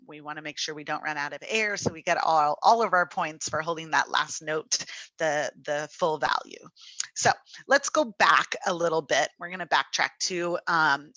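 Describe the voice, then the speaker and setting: Bright-voiced woman teaching a music lesson. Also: on the low side, no echo. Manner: chatty, casual, sings rhythms on syllables. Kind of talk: online lesson with sung rhythm examples.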